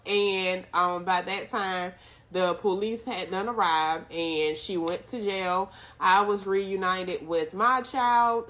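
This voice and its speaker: A woman telling her own story in a casual, animated way, speaking straight to her viewers. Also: medium pitch.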